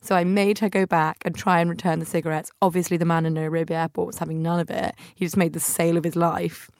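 A woman's voice: on the low side, flat delivery, quick pace, a little mellow, no echo, studio quality. A young woman hosting a podcast, telling funny travel stories in a chatty, self-mocking way and putting on family members' voices. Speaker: podcast host. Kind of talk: casual storytelling monologue.

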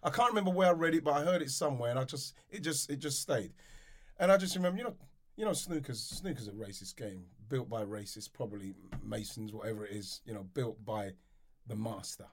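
Animated man telling a story. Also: fast talker. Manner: animated anecdotes, repeats words, drops low for quotes. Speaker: podcast co-host, former footballer. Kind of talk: casual storytelling chat.

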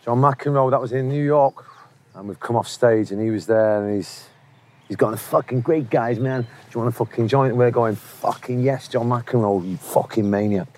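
A man's voice: mid-range voice, moderate pace, a little mellow, slight background noise. Mancunian musician in his forties, swearing and laughing through anecdotes, faint ambience behind. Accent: Manchester. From England. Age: 40s. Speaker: interview guest, musician. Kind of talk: casual storytelling interview.

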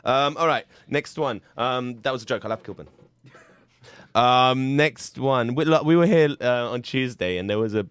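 A man hosting an improv comedy show, excitable, yelping and laughing along. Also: mid-range voice, normal speed, clean tone, no room sound. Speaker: host.

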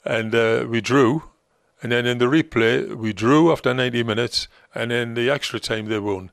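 Older geordie guy, gravelly voice, rambling old stories with lots of ums, dry close sound. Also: mid-range voice, normal speed, no echo. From North East England. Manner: rambling, with many ums and restarts. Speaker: guest, former football manager. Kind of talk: relaxed anecdotal storytelling.

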